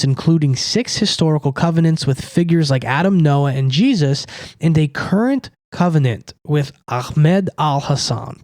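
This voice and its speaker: A man's voice: a little high, darkish tone, no room sound, clean studio sound. Casual, irreverent young man rambling. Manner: rambling, irreverent, frequent "like" fillers. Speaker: podcast host. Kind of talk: casual monologue.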